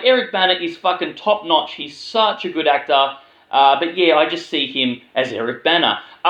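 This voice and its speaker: A man's voice: fairly high pitch, fairly bright tone, reverberant, lo-fi sound. An Australian man giving a casual, rambling film review, with plenty of swearing and filler words. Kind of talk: casual spoken movie review.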